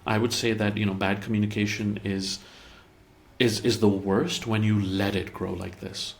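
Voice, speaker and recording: Low-voiced man explaining with acted examples. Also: level tone, normal speed, creaky, a little hiss or hum. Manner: fluent, repeats words, acts out example dialogue. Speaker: therapy practice head explaining relationships. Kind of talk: conversational explanation.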